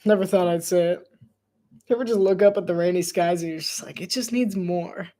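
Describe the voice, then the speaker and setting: A woman's voice: on the low side, a little fast, warm tone. A young woman from Florida chatting casually on a live sports stream, laughing often and acting out quoted voices. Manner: giggly, chatty, leans on "like", acts out quoted voices. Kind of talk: casual chat over a live game.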